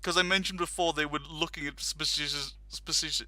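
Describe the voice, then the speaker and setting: A man telling a story on a casual talk show. His voice is very bright and crisp. It is recorded close and dry, with no room sound. He rambles animatedly, with laughs and quoted lines. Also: a little high, fairly even intonation, a little fast, no echo. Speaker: podcast host telling a story.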